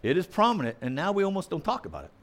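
A male preacher delivering an emphatic, argumentative sermon, mimicking objections and swinging between loud punchy lines and quiet asides. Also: high-pitched, huge pitch swings, rapid-fire.

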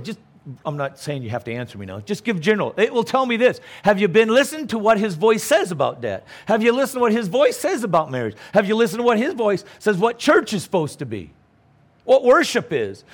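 This is a pastor's sermon from a man with a fairly high voice. His preaching is emphatic and conversational, sprinkled with rhetorical questions.

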